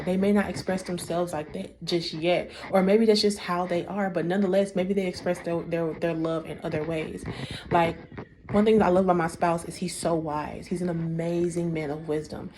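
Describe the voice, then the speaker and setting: A young woman, talking about faith and marriage in a casual preaching way, animated and full of repeats. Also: lowish voice, moderate pace, a little hiss or hum.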